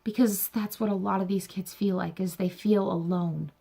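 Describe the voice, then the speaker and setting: A woman's voice: mid-range voice, fairly even intonation, moderate pace, creaky, warm tone, slightly rough. A young woman talking earnestly to camera, sharing a personal story and encouraging her viewers with faith-filled words. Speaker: vlogger. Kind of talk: heartfelt personal talk to camera.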